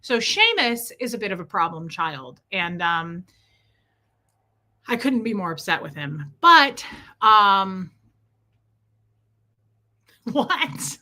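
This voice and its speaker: A woman's voice: medium pitch, big pitch swings, slow pace, bright, forceful tone. A woman chatting casually on a livestream, rambling from story to story and greeting viewers by name.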